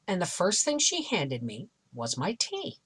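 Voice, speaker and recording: Bright-voiced woman telling an exasperated story. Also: on the low side, a little slow, slightly rough. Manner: animated, exasperated retelling. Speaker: homestead vlogger. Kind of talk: casual storytelling.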